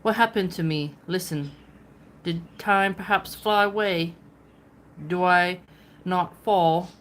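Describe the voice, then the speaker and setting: A woman reading the words of an old male sage who muses aloud to himself, with slow, measured delivery. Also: on the low side, a little hiss or hum. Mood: musing.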